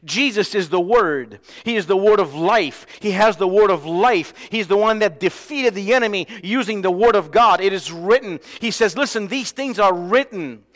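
High-voiced preacher in a reverberant hall. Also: male voice, expressive, moderate pace, few pauses. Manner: preaching with sudden swings from loud to hushed. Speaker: pastor. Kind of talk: sermon.

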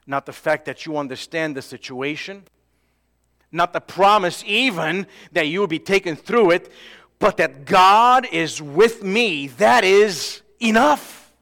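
High-voiced preacher in a reverberant hall. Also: male voice, lively intonation, a little slow, vocal fry. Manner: preaching with sudden swings from loud to hushed. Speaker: pastor. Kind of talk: sermon.

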